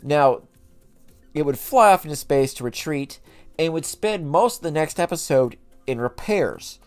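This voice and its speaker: A man's voice: a little high, lively intonation, a little slow, smooth, faint music behind. Chatty man recapping lore, rambling. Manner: rambling, chatty, self-correcting. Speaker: lore channel host.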